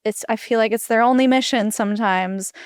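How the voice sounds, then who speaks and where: A woman's voice: fairly high pitch, fairly quick, clear, resonant tone, no room sound, studio quality. A woman hosting a podcast interview, answering her guest with sympathetic, reflective commentary. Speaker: podcast host. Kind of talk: conversational interview.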